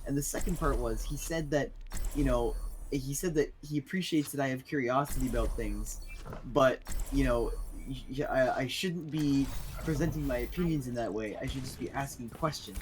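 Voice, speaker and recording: A man's voice: medium pitch, normal speed, slight background noise. A young man ranting in casual voice chat while gaming, swearing heavily and venting about his job in an exasperated way. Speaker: gamer and kitchen cook. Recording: loud music behind voice.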